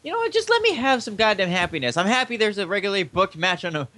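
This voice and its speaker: A man's voice: high-pitched, sing-song, fast talker, pushed and bright, slight background noise. A man co-hosting a podcast in casual chat, playful and enthusiastic. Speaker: podcast co-host.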